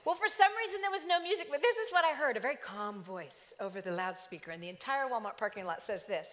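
A woman pastor preaching a sermon in a church, lively, with joking asides to the congregation. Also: on the high side, quick pace, few pauses. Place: church sanctuary. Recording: church hall reverb.

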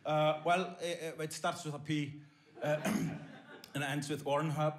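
On a theater stage, a male stand-up comedian delivers a rambling, deadpan set, stacking up fillers and false starts. His voice sits on the high side and he speaks slowly.

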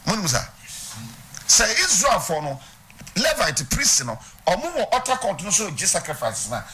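A man's voice: high voice, wildly swooping pitch, moderate pace, crowd noise. A man with a Ghanaian accent preaching a sermon, teaching and putting questions to his congregation. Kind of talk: sermon mixing Twi and English. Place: church.

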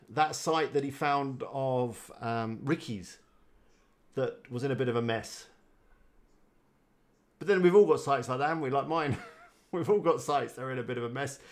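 Man, casual live stream chat, rambling, friendly greetings, desk mic. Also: medium pitch. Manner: chatty, rambling, greets viewers by name. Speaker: live-streaming website builder.

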